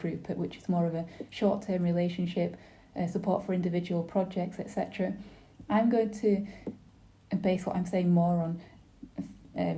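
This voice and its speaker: A woman giving a simultaneous interpretation of a webinar panel, speaking in a measured, formal way with brief pauses and restarts. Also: fairly low pitch, mellow.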